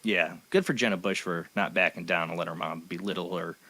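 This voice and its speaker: A man's voice: low-pitched, steady tone, a little fast, bright, forceful tone. A man hosting a paranormal radio show, reading news items aloud and giving blunt, opinionated commentary. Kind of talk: casual chat.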